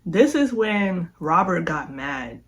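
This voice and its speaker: Animated young adult telling a story. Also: medium pitch, takes it slowly, heavy background noise. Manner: animated, slangy, with lots of filler sounds. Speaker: vlogger. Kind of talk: casual storytime vlog.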